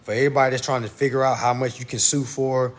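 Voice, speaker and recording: A man giving a casual livestream lesson, blunt and profane, talking fast and addressing his viewers directly. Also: medium pitch, flat delivery. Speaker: online instructor.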